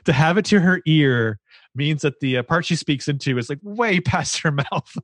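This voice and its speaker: A man co-hosting a podcast, chatting casually about a movie, animated and laughing as he retells scenes. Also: fairly high pitch, moderate pace, no echo. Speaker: podcast co-host. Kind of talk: casual movie-discussion chat.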